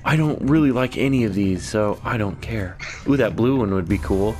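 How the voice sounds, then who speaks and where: A man giving casual gameplay commentary as a gaming channel host, excitable and swearing, swinging from muttered whispers to loud whoops. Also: lowish voice, normal speed. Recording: voice over loud game music. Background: game music.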